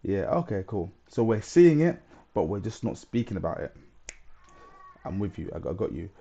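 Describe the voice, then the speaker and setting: A man's voice: fairly low pitch, sing-song, moderate pace, dark tone, dull audio. A man hosting a live stream, chatting casually and reading out viewer comments in a rambling way.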